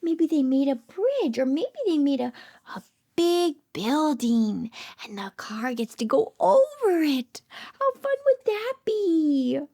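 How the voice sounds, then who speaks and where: A woman speech therapist reading a picture book aloud to toddlers, animated and sing-song, with frequent gasps and hushed whispered asides. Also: high voice, slow pace.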